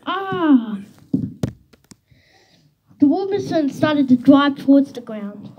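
A woman reading a children's book aloud in an expressive storytelling manner, on a slightly dull recording with faint hiss. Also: high-pitched, moderate pace. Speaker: reader.

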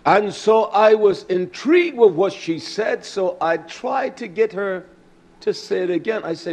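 A man preaching a sermon, slow and emphatic, with frequent pauses on "uh". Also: high voice, lively intonation, a little mellow.

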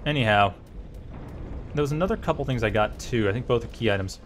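A man's voice: medium pitch, animated, fast, slight background noise. A man playing a video game, casually musing aloud and reading out item descriptions. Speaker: let's play host. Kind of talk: casual gameplay commentary.

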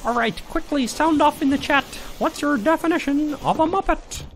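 A man putting on the high, excited voice of a male frog puppet while streaming a game. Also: moderate pace. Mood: giddy. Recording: game music playing behind.

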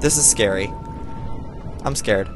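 A man's voice: fairly low pitch, a little slow, over music. A young man in his twenties hosting a horror game let's play, talking to himself in a jittery, frightened way. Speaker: gaming channel host.

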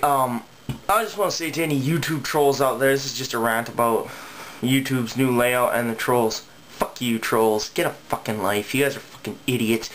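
A man vlogging an angry rant straight to the camera, swearing often and repeating himself as his voice climbs. He talks in a plain, mid-pitched voice with faint background noise. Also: fairly bright tone. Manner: profane, heated, repetitive ranting. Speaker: auto body technician vlogger.

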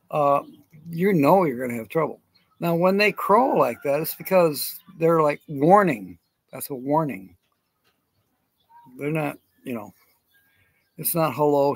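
A man's voice: fairly high pitch, vocal fry, husky, no room sound. A man hosting a casual live stream outdoors, rambling and chuckling as he answers viewers by name. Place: outdoors in sunshine.

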